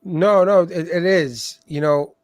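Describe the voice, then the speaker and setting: A man co-hosting a livestream chat, excitable and teasing, often restarting his sentences. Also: fairly high pitch, slow pace, no room sound.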